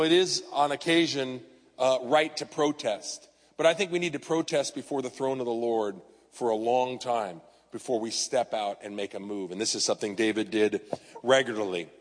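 A male pastor preaching a sermon in a conversational, storytelling way, talking straight to his congregation. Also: mid-range voice. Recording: long hall reverb.

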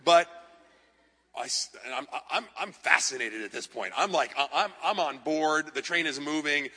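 Bright-voiced pastor telling sermon stories. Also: male voice, a little high, normal speed, husky. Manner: lively anecdotes with self-deprecating humor. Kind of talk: storytelling sermon. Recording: long reverb of a large hall.

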